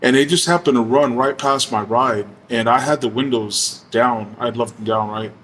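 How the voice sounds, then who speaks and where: A man of average pitch recounts a story in a loose, easygoing way, peppering it with slang, curses and "you know"s. He talks like he's hanging out with friends, and a faint hiss of noise sits under his voice. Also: moderate pace, fairly bright tone. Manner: laid-back, slangy and profane, heavy use of fillers. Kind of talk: casual storytelling.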